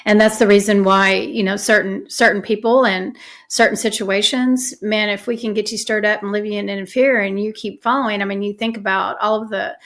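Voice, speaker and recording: A woman's voice: mid-range voice, fairly bright tone. A woman hosting a podcast interview, talking in an earnest, emphatic way that rambles and repeats itself. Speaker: podcast host. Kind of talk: casual conversational interview.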